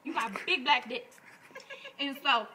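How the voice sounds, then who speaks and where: A man voicing a brash, crude young woman who laughs through her loud improvised comic story. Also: very high-pitched, measured pace, noisy background.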